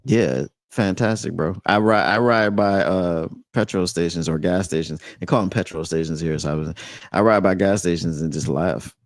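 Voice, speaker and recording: A man from Michigan hosting a casual sports chat, talking in a relaxed, halting way full of restarts. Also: deep voice, no echo. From Michigan, USA. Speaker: podcast host. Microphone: remote stream setup.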